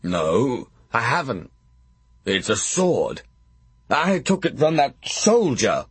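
A man voicing a melodramatic old blind earl in an audiobook, croaking and lamenting slowly. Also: medium pitch, very animated, no echo, heavily acted. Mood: stubborn. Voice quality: croaking, theatrical wailing. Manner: slow, drawn-out lamenting. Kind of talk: audiobook character voice.

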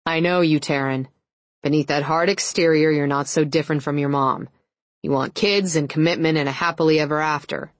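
A man's voice: on the high side, fairly even intonation, brisk, no room sound, close to an everyday voice. A woman reading the lines of a stern, protective older male werewolf uncle in an audiobook, blunt and disapproving. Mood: insistent.

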